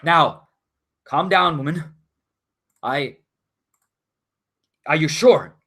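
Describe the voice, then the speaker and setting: A man's voice: on the high side, extremely slow, vocal fry, a bit bright, slightly rough, voice pushed up, exaggerated voice. Man playing a brusque ship captain, raised and impatient. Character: gruff middle-aged male ship captain.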